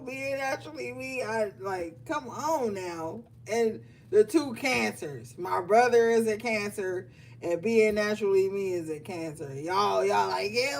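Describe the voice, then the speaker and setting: A woman with a medium-pitched voice gives a blunt, profane livestream tarot reading, scolding her viewers animatedly and often breaking into laughter. Faint music and slight background noise sit behind her.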